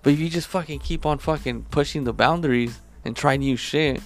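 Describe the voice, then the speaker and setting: A man's voice: a little high, a little fast, faint music behind. A man in crude casual podcast chat, blunt and teasing.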